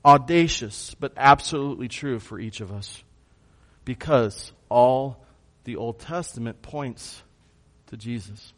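A man preaching a sermon, who swings from hushed lines to loud bursts and puts questions to his congregation. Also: mid-range voice, slow pace. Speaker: pastor.

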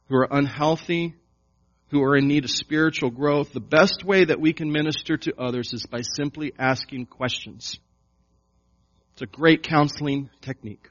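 A male pastor delivers a sermon at an unhurried, deliberate pace, driving his points home with repeated questions. His voice sits a little high for a man. The recording is dull and lo-fi. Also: fairly bright tone. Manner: slow, emphatic preaching with repeated questions. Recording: dull lo-fi sound.

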